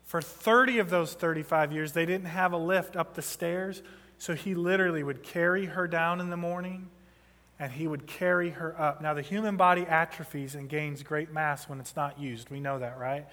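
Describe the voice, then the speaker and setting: A man in his thirties delivers a sermon, moving from storytelling into impassioned emphasis. His voice sits a little high. The long reverb of a large hall trails every phrase. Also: fairly even intonation, moderate pace, sharp tone. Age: 30s. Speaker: pastor.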